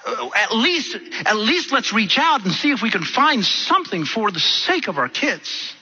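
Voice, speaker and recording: Brief: man playing a soft-spoken supportive husband, hesitant, bright husky voice, dull lo-fi sound. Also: high-pitched, very animated, moderate pace, pitched above the performer's own voice, exaggerated voice. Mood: coaxing. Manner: gentle, coaxing and hesitant. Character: gentle, supportive husband and father. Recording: dull lo-fi recording.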